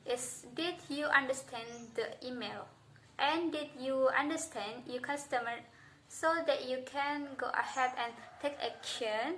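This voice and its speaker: Bright high-voiced woman giving a measured talk. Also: slight background noise. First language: English. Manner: deliberate, emphatic, addresses the audience directly. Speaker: conference speaker. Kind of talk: public talk on stage. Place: stage before a live audience.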